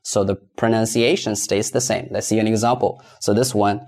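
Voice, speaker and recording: A man's voice: lowish voice, expressive, moderate pace, hardly any pauses, darkish tone. A man teaching a step-by-step pinyin lesson, patiently repeating each word several times for learners. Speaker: Mandarin teacher.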